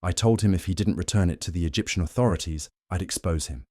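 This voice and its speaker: A man plays a bitter middle-aged rival in an audiobook drama. He talks with sour indignation, in a deep, dry voice. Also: fast talker, darkish tone, no echo.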